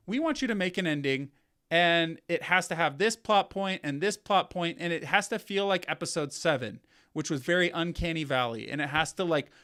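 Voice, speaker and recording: Man, higher-pitched voice, casual commentary rant, animated, rambling, repeats phrases. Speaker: content creator.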